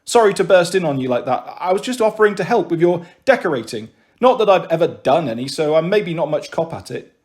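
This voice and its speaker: A tall, shy teenage boy, polite and a touch awkward, as a male reader voices him. His voice sits fairly high. It comes from a children's storybook reading. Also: lively intonation, brisk, darkish tone, lightly acted.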